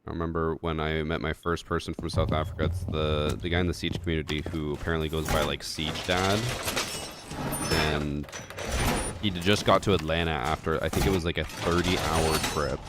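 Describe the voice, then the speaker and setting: A man streaming a tactical shooter, chatting casually and making relaxed joking callouts. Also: rumbling low, normal speed, very noisy. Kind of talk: casual gaming chat and callouts. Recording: game sounds and clicks behind.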